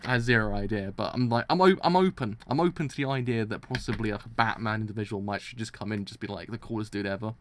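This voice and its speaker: Excitable young man with a dry, sore throat. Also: fairly low pitch, fast talker, few pauses, slight background noise. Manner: excitable, swears, repeats and restarts. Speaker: streamer. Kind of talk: live reaction and discussion.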